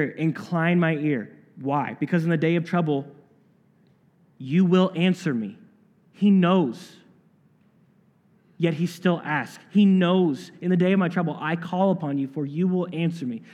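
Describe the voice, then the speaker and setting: A man preaching a sermon as pastor, earnest, slowing down to stress key phrases. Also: on the high side. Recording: long hall reverb.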